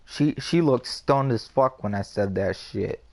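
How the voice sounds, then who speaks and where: Young guy on a gaming headset, swearing freely while gossiping about a friend's girlfriend, mid-pitched. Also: a little slow, creaky. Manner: profane, animated gossip with quoted voices. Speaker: gamer chatting on a live stream. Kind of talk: casual chat.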